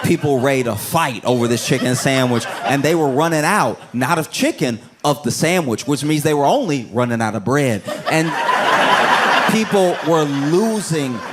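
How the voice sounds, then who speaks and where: A man's voice: mid-range voice, animated, moderate pace, heavy background noise. A man doing a stand-up comedy set, talking casually and rambling with many asides. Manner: conversational, rambling, with frequent asides.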